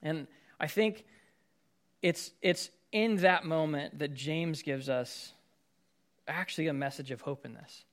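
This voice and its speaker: A man's voice: fairly high pitch, unhurried, pauses often, fairly bright tone. A man, a pastor, preaching a sermon in a conversational way, acting out everyday scenes with sudden outbursts.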